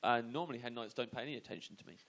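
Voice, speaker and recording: A man comedian on a live radio panel, telling a self-deprecating comic anecdote in halting bursts with lots of restarts. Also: medium pitch, a bit bright.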